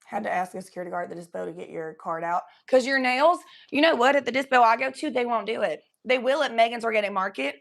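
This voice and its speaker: A young woman from Cincinnati, talking in a put-on Southern drawl during a casual livestream chat, crude and rambling, high and coughing now and then. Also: fast, creaky, few pauses, a bit bright. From Cincinnati, Ohio.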